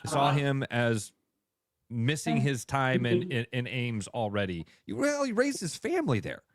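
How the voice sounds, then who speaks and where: A man's voice: medium pitch, big pitch swings, normal speed, no echo, studio quality. A man co-hosting a sports radio show, chatting casually and agreeably with his partner. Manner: chatty, agreeable, calls the host by name.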